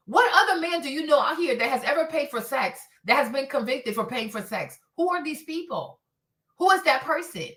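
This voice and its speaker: Woman host, heated streaming rant, high bright voice, lots of swearing and repetition. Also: animated, moderate pace. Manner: indignant, swears a lot, repeats phrases. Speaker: host of a streaming commentary show. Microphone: streaming setup mic.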